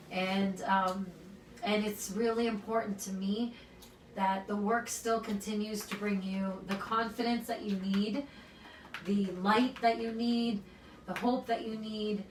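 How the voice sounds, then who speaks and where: A woman's voice: on the high side, a bit bright, slight background noise. A woman gym owner giving an earnest, emotional pep talk to her members, often tagging lines with "right?". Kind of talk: motivational address to members. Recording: roomy sound from a distance.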